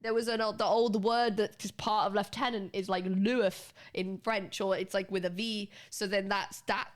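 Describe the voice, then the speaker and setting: A young British woman streaming and chatting casually with her chat, animated and quick to laugh, with casual swearing. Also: medium pitch. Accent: British English. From United Kingdom. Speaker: livestreamer.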